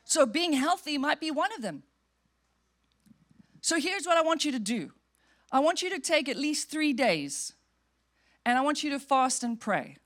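A woman pastor preaching in a lively, conversational way. Her voice sits a little high, and she drops into quick playful impressions of people in the pews. She sounds like a middle-aged speaker who mixes humor with firm instruction. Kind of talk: sermon.

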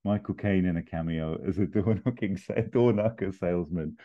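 A man casually pitching a comedy plot, rambling and chuckling with quick put-on voices. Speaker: podcast host pitching a film plot. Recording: tinny phone-like line.

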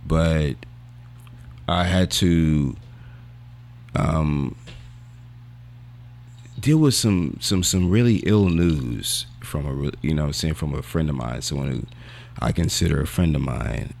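A man's voice: a bass voice, expressive, slow pace, creaky, pauses often, a little mellow. A young man co-hosting a podcast in casual, slangy, rambling chat while losing his voice. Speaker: podcast co-host.

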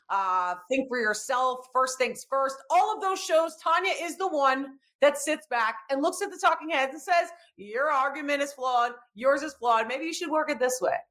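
A woman co-hosting a casual sports podcast, animated and quick with asides, swearing freely as she tells stories. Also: high-pitched. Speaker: podcast co-host.

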